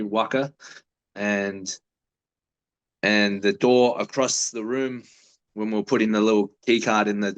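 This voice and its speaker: A man's voice: fairly low pitch, a bit bright, low-quality recording. A man in his thirties, a fighter, telling stories in a casual interview with a laid-back, swearing manner.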